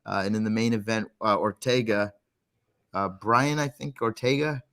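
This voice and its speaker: Animated rambling male podcast host. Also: fairly low pitch, moderate pace. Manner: animated, rambling, swears casually. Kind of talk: casual storytelling chat.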